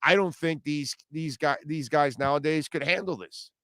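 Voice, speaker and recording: A man's voice: on the high side, moderate pace, pushed and bright, no echo, studio quality. A middle-aged man hosting a radio talk show, delivering a blunt, ranting opinion monologue full of casual slang.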